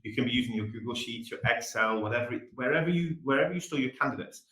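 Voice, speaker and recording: Brief: English man, mid-range voice, quick and energetic webinar presenter, echoey room. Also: medium pitch. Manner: fast-talking, energetic.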